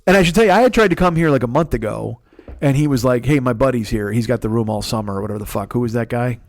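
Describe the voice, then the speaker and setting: A man in his forties hosts a podcast, speaking fast in a mid-range voice into a close mic with no echo. He tells a rambling, profane, self-mocking comic story on his own.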